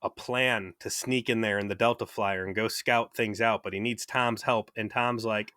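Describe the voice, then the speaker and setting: Wry, bright-voiced man recapping casually. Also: on the low side, fairly even intonation, moderate pace, hardly any pauses, clean tone, no room sound, clean studio sound. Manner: wry, swears freely, acts out quoted lines. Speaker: podcast co-host.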